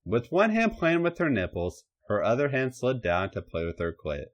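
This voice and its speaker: A man hosting a podcast, giving an expressive, dramatic comedic erotic story reading. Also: medium pitch, normal speed, highs cut off.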